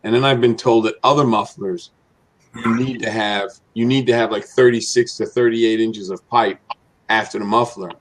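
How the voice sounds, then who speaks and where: A man's voice: lowish voice, fairly even intonation, normal speed. A male co-host of a car chat show. He asks long, meandering questions, restarting and repeating words before he gets to the point. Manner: repetitive, stumbling questions. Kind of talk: casual live show chat.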